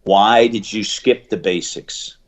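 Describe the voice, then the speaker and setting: A middle-aged man, a shooting coach, telling stories in an animated interview and acting out the people he quotes. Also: lowish voice. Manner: acts out quoted voices, fast bursts and emphatic repeats.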